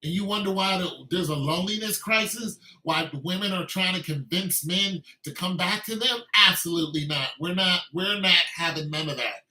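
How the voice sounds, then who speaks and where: Emphatic high-voiced ranting man. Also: normal speed, few pauses, bright, forceful tone. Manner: emphatic, repetitive, scolding. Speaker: video commentator. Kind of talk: ranting commentary. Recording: echoey room.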